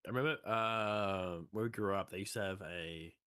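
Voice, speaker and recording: A man's voice: lowish voice, moderate pace, bright, forceful tone, clear, resonant tone, no room sound, clean studio sound. A young man in his twenties, co-hosting a podcast in a rambling, slangy way and acting out what people said. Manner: rambling, slangy, acts out quotes. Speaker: podcast co-host. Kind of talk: casual chat.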